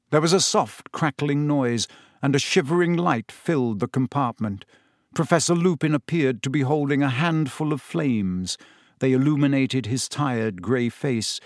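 An audiobook narrator, male, reads a storybook in a steady, measured way. His pitch is medium, and the sound is clean studio audio with no room tone.

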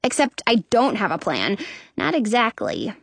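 Woman reading a kids' book aloud, high voice, sassy and lively, super dry close mic. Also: measured pace, gravelly, slightly rough, no echo. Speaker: audiobook narrator. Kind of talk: first-person children's story reading.

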